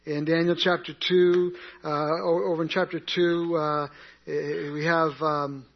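In a dull, lo-fi recording, a man leads a Bible class conversationally, asking the group questions and supplying the answers himself. His slightly high voice has vocal fry, little pitch movement, and a slightly slow pace.

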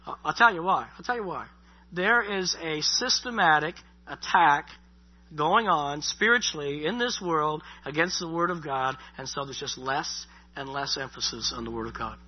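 A man's voice: on the high side, normal speed, breathy edge, dull audio. A man preaching a sermon in a conversational way, restarting and repeating his words. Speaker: pastor.

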